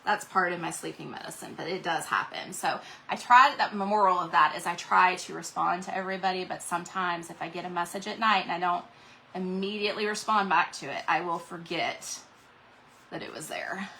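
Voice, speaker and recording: Woman hosting a live craft stream, bright voice, rambling and chatty, faint noise behind. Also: on the low side, steady tone, fairly quick, gravelly, poor audio. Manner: rambling, chatty, reads out viewer comments. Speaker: craft livestream host. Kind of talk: casual livestream chat while painting.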